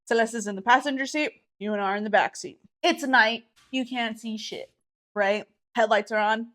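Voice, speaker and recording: A woman's voice: fairly high pitch, normal speed, a bit bright. A young woman co-hosting a podcast, teasing and playful in casual chat. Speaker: podcast co-host.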